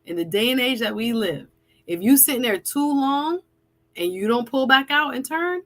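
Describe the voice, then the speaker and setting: A woman's voice: a little high, expressive, normal speed. A woman attorney hosting a casual live-stream talk, chatting with a guest and reading viewer comments aloud. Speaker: host and attorney.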